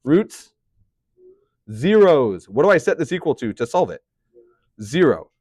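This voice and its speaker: A man's voice: a little high, big pitch swings, unhurried, a little mellow, dry recording, studio quality. Chatty man teaching a math class. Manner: chatty, asks the class questions. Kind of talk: classroom lecture.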